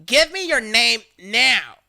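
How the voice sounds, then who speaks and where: A bullying woman on the phone, as a narrator puts her on, loud and high. She barks every demand with bright, sharp force and a lively, swooping pitch. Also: takes it slowly, vocal fry, exaggerated voice. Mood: shouting threats. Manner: shouting, furious, demanding. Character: shrill entitled woman caller, bullying and demanding.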